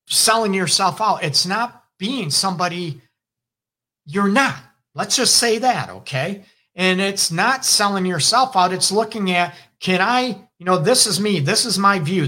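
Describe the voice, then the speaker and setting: A middle-aged male relationship counselor with a Detroit accent, hosting a casual advice talk in an animated, emphatic way with sudden loud exclamations. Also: high-pitched. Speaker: relationship counselor and show host.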